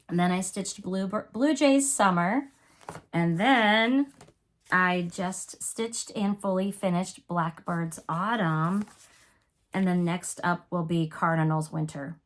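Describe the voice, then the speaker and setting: A woman's voice: fairly low pitch, fairly bright tone. A woman hosting a cross-stitch video, chatting casually with a cough and a sore throat, often apologizing and gushing over her finishes. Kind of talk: casual show-and-tell chat.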